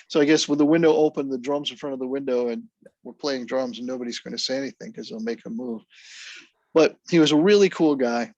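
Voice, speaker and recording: A man, a drummer guest, telling stories in a relaxed, even-keeled way during a casual interview. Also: mid-range voice, brisk, no room sound, lo-fi sound. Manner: laid-back, even-keeled storyteller.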